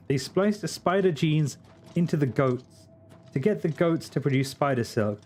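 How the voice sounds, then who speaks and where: A man's voice: a little high, animated, unhurried, a little mellow, a little hiss or hum. A man streaming a game live, chatting casually and ranting crudely in comic asides. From Britain.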